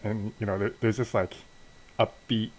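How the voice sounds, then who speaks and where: A man's voice: fairly low pitch, fairly even intonation, normal speed, low-quality recording. A young man casually narrating a wrestling game story, hesitant and self-deprecating, often restarting his sentences. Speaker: channel host narrating a wrestling sim.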